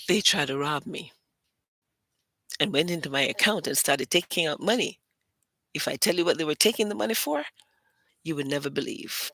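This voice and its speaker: A British woman hosting a show, telling stories in a casual, animated way and acting out what other people said. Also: low-pitched, no echo. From Britain. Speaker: host. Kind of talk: casual storytelling monologue.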